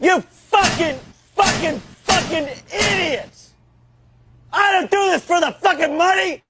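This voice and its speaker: An actor playing a foul-mouthed, raging high school football coach who bellows profane insults at his players in a comedy sketch. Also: slow, slight background noise, exaggerated voice. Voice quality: gravelly, strained high shout.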